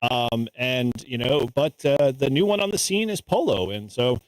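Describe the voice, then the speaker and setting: Relaxed, chatty podcast host, dry sound. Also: male voice, mid-range voice, moderate pace, dry recording, low-quality recording. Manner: relaxed, laughs often, many fillers. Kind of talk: casual chat.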